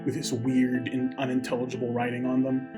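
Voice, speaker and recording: A man serving as game master, narrating a tabletop game in a relaxed, loose way. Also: medium pitch, a little fast, music in the background. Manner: relaxed, loose, full of "sort of".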